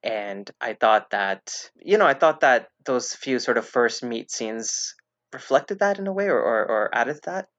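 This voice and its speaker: A man talking casually as a podcast guest, at a middle pitch. His speech wanders, with frequent restarts and fillers. The recording sounds dull and lo-fi, with a dry, close sound and no room echo. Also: animated, a little slow, fairly bright tone. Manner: rambling, hesitant, full of restarts and fillers.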